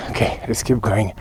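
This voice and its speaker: A man's voice: sharp tone, a little hiss or hum, rough recording. A man from France with a French accent, chatting casually as he films a hiking trail outdoors in the cold, slightly out of breath and muttering asides as he walks. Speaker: hiking vlogger. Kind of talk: casual walking commentary.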